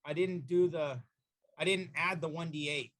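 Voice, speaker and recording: A man playing a tabletop game, thinking out loud in halting bursts. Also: a little high, fairly even intonation. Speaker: tabletop player.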